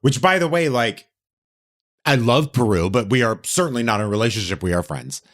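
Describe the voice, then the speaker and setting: A man co-hosting a podcast, chatting casually and telling stories in an animated, theatrical way. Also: medium pitch, brisk. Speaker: podcast co-host. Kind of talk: casual chat.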